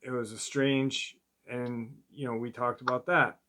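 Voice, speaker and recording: A man hosting an interview who speaks in a halting, soft-spoken way with many fillers. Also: medium pitch, level tone. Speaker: podcast host, interviewer. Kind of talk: casual interview chat.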